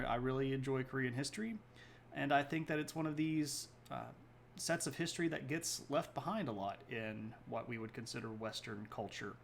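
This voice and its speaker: A man's voice: a little high, gravelly, fairly bright tone, a little hiss or hum. Rambling male livestream host. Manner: rambling, self-correcting, chats to viewers between points. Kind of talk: casual livestream talk.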